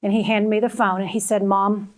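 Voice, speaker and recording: A woman's voice: medium pitch, fairly even intonation, quick pace. A middle-aged woman giving a motivational talk, telling personal stories and calling the audience "friends.". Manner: storytelling, addresses audience as friends. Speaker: keynote speaker.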